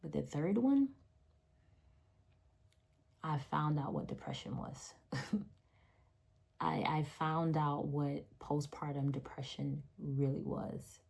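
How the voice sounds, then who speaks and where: Speaking into her phone's front camera, an adult mother of three shares her personal story in a testimony vlog, emotional and earnest, repeating phrases for emphasis. Her voice sits low and comes out slow and creaky, with long pauses and a husky, slightly mellow quality.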